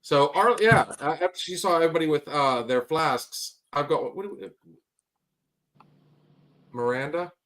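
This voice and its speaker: A man co-hosting a laid-back podcast, his voice sitting a little higher than most men's. He tells his stories with animated energy and swears freely along the way. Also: normal speed, pauses often. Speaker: podcast co-host. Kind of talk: casual chat.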